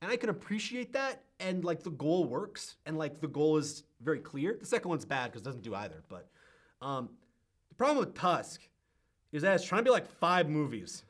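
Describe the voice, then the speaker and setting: A man's voice: a little high, big pitch swings, normal speed. A man co-hosting a casual film review podcast, swearing a lot and acting out scenes in mocking voices. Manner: profane, exasperated, acts out scenes in mocking voices. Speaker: podcast co-host.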